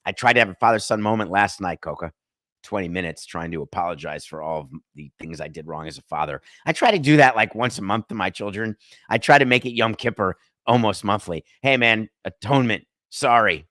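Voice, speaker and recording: A brash middle-aged man holding forth as a sports podcast host, cracking jokes and tossing off quick asides. His voice sits fairly low, and the sound is dry and close, with no room around it. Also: a bit bright, no echo. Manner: brash, joking, fast asides. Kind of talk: casual sports commentary monologue.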